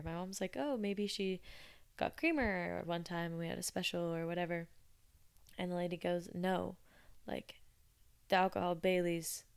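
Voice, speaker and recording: A young woman hosting a podcast retells odd customer stories in a casual, amused monologue. Her voice is fairly low and creaky, her pace moderate, and the sound clean.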